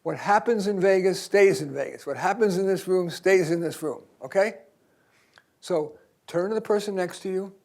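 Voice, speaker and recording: An older man, a career coach, leads a lively seminar in a university auditorium, his voice pitched a little high for a man. He speaks conversationally and emphatically at a moderate pace, dropping into soft asides before pushing key points out loud.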